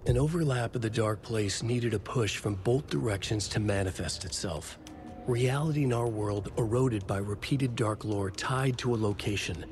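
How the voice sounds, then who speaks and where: A grim horror narrator with a lowish, grave voice, as a man acts him out speaks in slow, measured, ominous lines from a video game. A clear hiss of background noise sits under the voice the whole time. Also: a little mellow, natural voice. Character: grim adult male narrator of a dark horror tale. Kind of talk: scripted narration.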